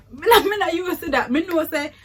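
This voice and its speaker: A woman's voice: extremely high pitch, expressive, normal speed, fairly bright tone, faint music behind. A young woman with a Jamaican accent, talking casually in a vlog, repeating words for emphasis and slipping into patois. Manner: chatty, repeats words for emphasis, laughs often, slips into patois. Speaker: vlogger. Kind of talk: casual vlog comparing countries.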